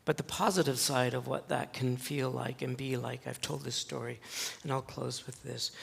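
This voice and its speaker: A male pastor preaching a sermon, telling a story slowly and earnestly with dramatic pauses. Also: medium pitch, vocal fry, fairly bright tone, slightly rough. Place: church sanctuary. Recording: long church reverb.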